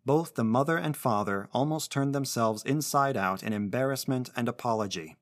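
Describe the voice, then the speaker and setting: A man narrating a literary short story in a measured, intense first-person reading. His voice sits at a middle pitch, recorded close and dry with no room sound. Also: no echo.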